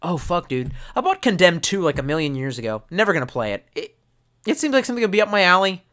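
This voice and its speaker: A man's voice: high-pitched, big pitch swings, quick pace, a bit bright. A man, drunk, rambling and swearing as he reads out chat on a live stream. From United States. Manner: profane, rambling, mock-angry outbursts.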